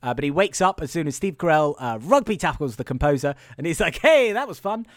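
A man's voice: a little high, animated, fast, no room sound. Man, podcast co-host, rambling casual recap, video call from home, dry sound. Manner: rambling, filler-heavy, acts out quotes. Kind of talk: casual movie recap chat. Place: home room.

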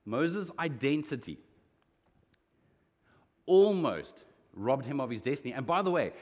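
A man preaching a sermon as a pastor, animated, acting out quoted lines with a rising voice. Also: mid-range voice, big-room sound.

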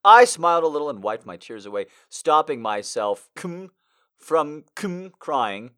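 A man's voice: on the high side, sing-song, unhurried, pushed and bright, smooth. A man reading amateur fiction aloud for laughs, mock-dramatic and sarcastic, with crude swearing asides. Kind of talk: comedic reading with mocking asides.

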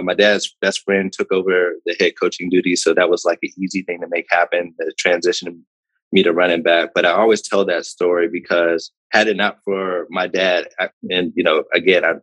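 Deep, husky-voiced man telling his story. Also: moderate pace, no echo, low-quality recording. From Pittsburgh, Pennsylvania, USA. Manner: relaxed, reflective, frequent fillers and repeats. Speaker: podcast guest, startup founder. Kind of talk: casual interview storytelling.

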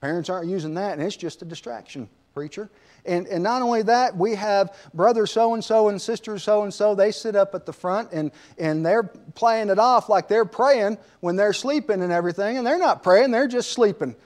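A man's voice: high-pitched, normal speed, a little mellow, close to an everyday voice. A man voicing a fed-up churchgoing woman who lists her complaints in an exasperated way.

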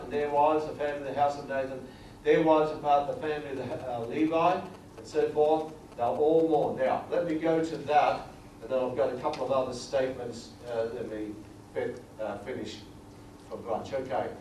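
A man teaching a sermon through numbered points, reading scripture slowly and with emphasis. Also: fairly high pitch, steady tone, a little hiss or hum. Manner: grows quiet and emotional at times. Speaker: preacher. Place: large echoey hall. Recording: echoey hall recording from far off.

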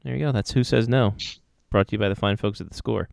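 A man's voice: fairly low pitch, steady tone, fast talker, gravelly, darkish tone, dry recording, clean studio sound. A man co-hosting a hockey podcast, chatting casually and laid-back with short agreeing replies. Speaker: podcast co-host. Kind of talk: casual chat.

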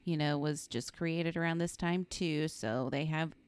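A woman's voice: sits low, a little slow, clear, resonant tone, no echo. A woman co-hosting a podcast, reacting to a film with jokey interjections in casual chat. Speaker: podcast co-host.

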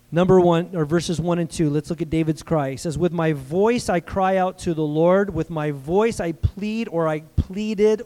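A man preaching a sermon in a conversational way, asking the congregation questions and slowing down to stress key phrases. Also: high-pitched, a little mellow. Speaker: pastor.

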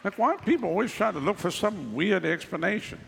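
Male pastor, fairly high, gravelly voice, sermon with sarcastic asides, long hall reverb. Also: very animated, fairly quick, a little hiss or hum. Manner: conversational preaching, mocking asides.

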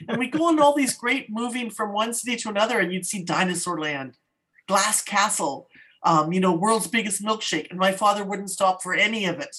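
A woman podcast co-host from Canada chatting casually, telling animated stories with quick laughs. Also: medium pitch. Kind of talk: casual chat.

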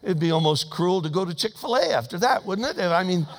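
A pastor with a high-pitched voice preaches in a brisk, animated, folksy way, telling humorous stories. He alternates between raised, emphatic declarations and quiet asides, and every phrase fades into the long reverb of a big church sanctuary.

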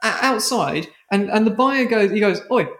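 A man's voice: high voice, moderate pace, fairly bright tone, roomy sound, a little hiss or hum. A man co-hosting a casual chat, joking and swearing as he recaps a TV episode. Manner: joking, swearing, acts out characters.

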